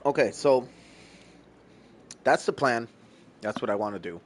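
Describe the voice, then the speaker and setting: A man's voice: medium pitch, expressive, a little slow. A man in his thirties chatting casually with viewers on a gaming livestream, rambling, laid-back and swearing freely while he eats. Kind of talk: casual stream chat with viewers.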